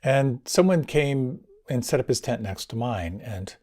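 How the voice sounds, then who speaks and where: An older man, a meditation teacher, recounting his experiences in a reflective storytelling talk, swinging between near whispers and lively bursts. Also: medium pitch, a little slow. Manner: animated, drops to near whispers and rises again.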